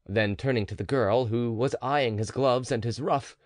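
A man narrating a classic story as an audiobook, with expressive storytelling. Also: fairly low pitch, normal speed, hardly any pauses, no room sound, studio quality.

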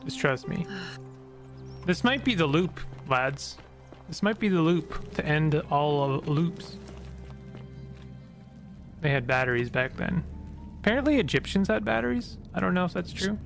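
A man's voice: on the high side, expressive, unhurried, creaky, long pauses. Joking gaming streamer man. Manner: chatty, joking, reacts aloud. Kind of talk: casual let's-play commentary. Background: game music.

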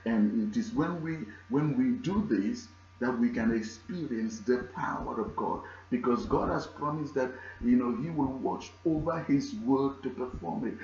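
A man's voice: mid-range voice, darkish tone. Male pastor, sermon, chatty scripture retelling, roomy muffled sound. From South Africa. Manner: retells scripture in casual dialogue, many fillers. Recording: echoey, dull church recording.

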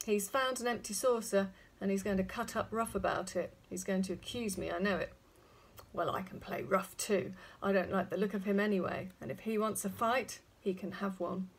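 Woman reading gruff father hedgehog, storybook, grumbling, blunt, husky. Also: medium pitch, steady tone, normal speed.

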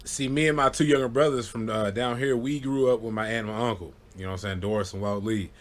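A man's voice: mid-range voice, steady tone, fast. Laid-back man rambling through a story. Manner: laid-back, rambling, peppered with "you know what I'm saying", bursts of laughter. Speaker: vlogger. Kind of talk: casual storytelling.

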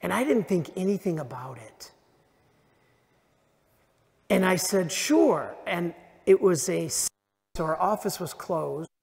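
A priest preaching with emphatic weight, his voice high for a man and delivered at an unhurried pace. The sound carries the long reverb of a big church hall. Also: vocal fry. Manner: emphatic preaching, slows down for key lines. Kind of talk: sermon at a parish retreat. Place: large church.

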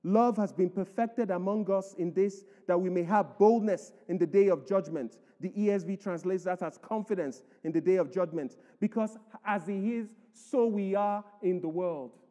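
A male pastor preaches with emphasis, his voice high-pitched yet mellow and dark in tone. He reads scripture aloud and presses each point home. The sound carries the long echo of a church hall. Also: normal speed, few pauses. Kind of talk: sermon.

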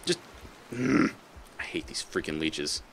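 A man's voice: a bass voice, sing-song, a little slow, fairly bright tone, a little hiss or hum. A man giving casual gameplay commentary as a let's play host; he swears often and talks back at the creatures on screen.

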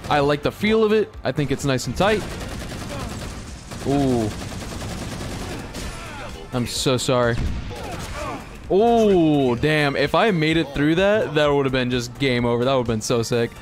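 Young man, excitable gameplay commentary, lively swooping voice, game music and gunfire behind. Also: mid-range voice, a little slow, pauses often. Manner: excitable, laughing, cursing at the game. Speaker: gaming YouTuber.

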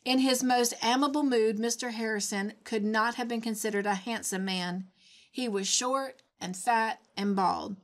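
A woman reading a classic novel aloud as a storyteller, with expressive delivery. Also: fairly high pitch, normal speed. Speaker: storybook reader.

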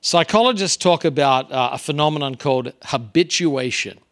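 Here a man with a medium-pitched, fairly bright voice preaches as a visiting pastor in a church. His delivery is earnest and conversational, with pace and volume that rise and fall.

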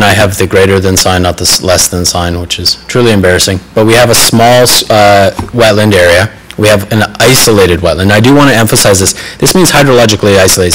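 Male staff presenter at a public council meeting, steady and explanatory, somewhat low pitch. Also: poor audio. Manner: methodical, apologetic about slide errors. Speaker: city planning staff presenter.

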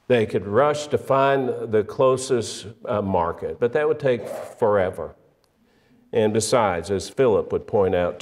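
Slow, deliberate male preacher in church. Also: fairly low pitch, a little mellow. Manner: measured, emphatic, with frequent fillers and restarts. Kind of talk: sermon. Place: church sanctuary. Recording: long church reverb.

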